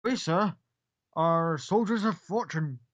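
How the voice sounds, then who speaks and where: A man's voice: on the high side, takes it slowly, pitched above the performer's own voice. A man voicing a big, boisterous hippo-man mercenary who talks in a hearty, swearing, folksy way. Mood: indignant. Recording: dull lo-fi audio.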